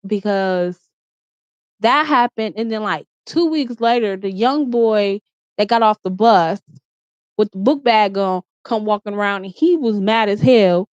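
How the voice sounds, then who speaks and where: A woman's voice: mid-range voice, a little slow. A woman recounting a personal story straight to camera in her bedroom. She talks casually and bluntly, swears freely, and keeps restarting her sentences. The sound is dry, with no room echo, and a little dull and lo-fi. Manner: candid, profane, lots of "like" and restarts. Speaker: vlogger.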